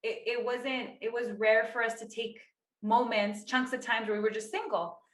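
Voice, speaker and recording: Thirties woman, podcast co-host, chatty and animated, crisp bright tone, echoey room. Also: fairly high pitch, normal speed. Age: 30s. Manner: chatty, lots of "like" fillers, acts out quotes. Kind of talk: casual chat.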